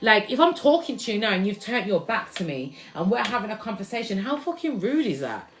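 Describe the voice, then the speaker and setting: A woman's voice: mid-range voice, sing-song, a little fast, faint music behind. A woman giving a live card reading to her viewers, blunt and emphatic, who swears and greets people from the chat. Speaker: tarot card reader.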